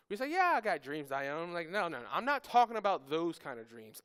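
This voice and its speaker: A young man giving a casual, animated sermon in a church, acting out little dialogues and calling on the congregation to answer back. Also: high-pitched. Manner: animated, acts out voices and calls for audience responses. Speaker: preacher.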